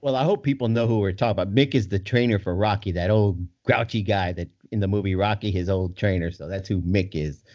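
A man chatting casually on a podcast, relaxed and quick to laugh. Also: lowish voice. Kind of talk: casual chat. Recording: dull lo-fi sound.

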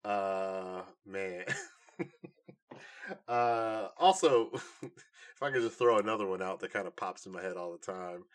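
A man's voice: sits low, measured pace, pauses often. A man co-hosting a casual podcast chat, laughing often and quoting movie lines. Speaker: podcast co-host. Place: hot room at home.

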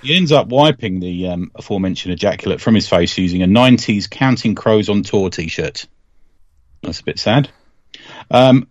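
Dry-voiced man telling a deadpan story. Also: deep voice, dry recording. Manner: deadpan storytelling with comic asides. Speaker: podcast co-host. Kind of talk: casual comics podcast chat. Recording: dry, slightly dull podcast mic.

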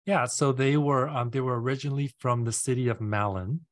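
A man's voice: mid-range voice, steady tone, brisk. A man hosting a casual podcast interview, explaining at length with many fillers and restarts. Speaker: podcast host.

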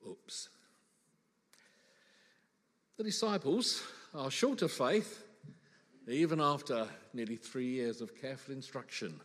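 A man's voice: mid-range voice, takes it slowly, pauses often, fairly bright tone, in a large hall. A man preaching a sermon in church, conversational and humorous, full of rhetorical questions.

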